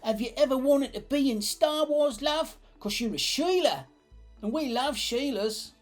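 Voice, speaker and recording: A man's voice: very high voice, expressive, a little slow, faint music behind, voice pushed up. A man putting on a mock New Zealand accent to play a clueless, chummy film director with a goofy drawl.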